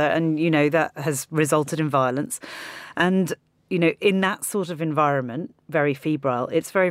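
A British woman speaking fluently as a guest on a radio panel in a studio, measured, with fillers like "you know". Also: low voice, dry recording. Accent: British English. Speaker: guest commentator.

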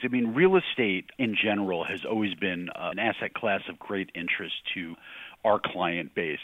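Deep-voiced man on a tinny phone line. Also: no room sound. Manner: measured, explanatory, emphatic qualifiers. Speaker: real estate research executive, guest. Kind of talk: interview answers.

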